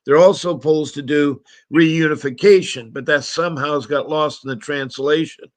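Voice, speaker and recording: A man's voice: fairly high pitch, fairly even intonation, moderate pace. A man hosting a live stream call-in show, talking casually with a slightly scratchy voice and a friendly, rambling manner full of fillers.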